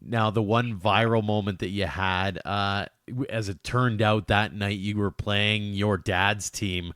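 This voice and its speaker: Male podcast host, conversational interviewer, low-ish voice, close and dry. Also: steady tone, measured pace, fairly bright tone, clear, resonant tone, dry recording. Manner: conversational, asks long rambling questions.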